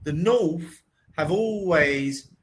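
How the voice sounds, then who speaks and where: A man from southeast England with a southern English accent, tutoring English in an online lesson and speaking slowly and plainly. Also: fairly high pitch, lively intonation, a little hiss or hum, poor audio. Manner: slow, plain, deliberate speech. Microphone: video call.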